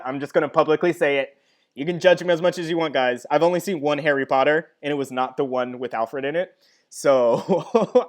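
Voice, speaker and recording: A young man hosting a live stream, chatting casually and reading viewer comments aloud with lively enthusiasm. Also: medium pitch. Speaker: live-stream host reacting to a TV finale.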